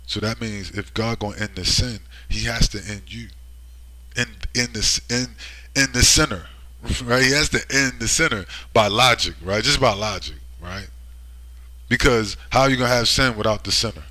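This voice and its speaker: A man with a lowish voice holds forth in a preachy, emphatic vlog monologue. His tone is sharp and forceful, and he keeps asking "right?" to press his points. The recording is close and dry. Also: normal speed, dry recording. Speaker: online commentator.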